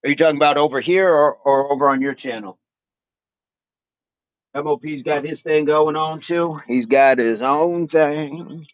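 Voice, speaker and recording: A man's voice: on the high side, fairly even intonation, unhurried, no room sound, highs cut off. A man hosting a casual fitness livestream, chatting playfully with viewers, laughing often and repeating his phrases. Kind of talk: casual livestream chat, reading viewer comments aloud.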